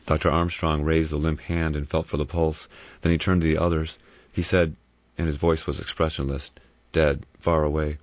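A man with an extremely deep voice narrates an audiobook in a steady, grave way. The sound is dry, close and muffled. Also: normal speed, no room sound. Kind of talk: scripted narration.

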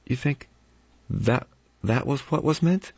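A man voicing a frightened young woman in an audiobook, speaking in a hushed, breathy way. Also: medium pitch, very animated, moderate pace, no room sound, highs cut off, pitched above the performer's own voice.

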